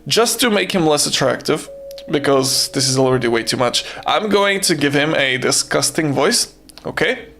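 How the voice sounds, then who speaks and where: A man's voice: fairly high pitch, expressive, moderate pace, a bit bright. A man streaming a game live, reading its story aloud in a jokey, swearing, playful way. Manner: jokey, swearing, breaks into laughter and silly outbursts.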